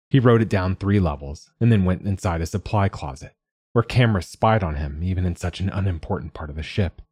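A man narrating a short story in a steady, measured reading. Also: low-pitched, slightly rough, no room sound. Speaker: podcast narrator.

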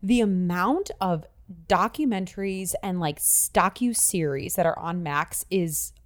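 A woman co-hosting a relaxed podcast, talking through her thoughts with many restarts and repeated words. Her voice sits a little low for a woman. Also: a little slow. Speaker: podcast co-host. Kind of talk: casual chat. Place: New York City.

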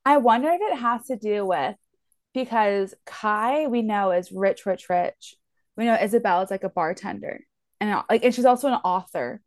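A woman's voice: medium pitch, normal speed, no room sound, clean studio sound. A woman co-hosting a book podcast in casual chat, talking in restarts with lots of "like". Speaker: podcast co-host.

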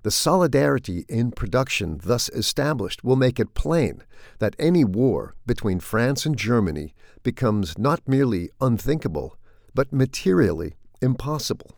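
Dry, gravelly man, deadpan. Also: medium pitch, moderate pace, no room sound. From United States. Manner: dry, wry delivery with deadpan jokes. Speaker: commentator hosting a weekly segment. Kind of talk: scripted comic commentary.

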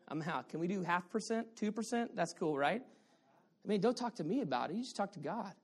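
A man delivers an animated sermon that swings between hushed, confiding asides and loud, shouted declarations. He jokes with his listeners and keeps checking that they are with him. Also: high-pitched, moderate pace, slightly rough. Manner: playful, banters with the congregation. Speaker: pastor.

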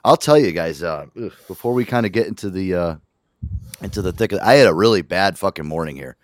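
A man's voice: low-pitched, lively intonation, fast, dry recording. A man hosting a radio show, telling a story casually and swearing constantly.

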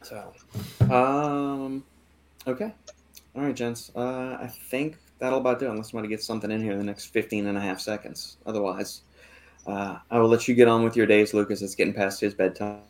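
An American man hosting a podcast, relaxed and easygoing, asking questions and wrapping up the show. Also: on the low side, a little fast. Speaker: podcast host. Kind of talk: casual podcast chat.

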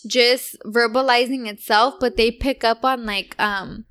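Woman, high and bright, casual chat, lively storyteller. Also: a little slow, clean tone. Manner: animated storyteller, acts out quotes. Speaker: co-host, mother.

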